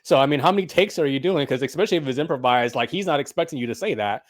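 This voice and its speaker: A man hosting a casual interview who talks easily, laughs along, and throws in quick asides. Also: on the high side, animated.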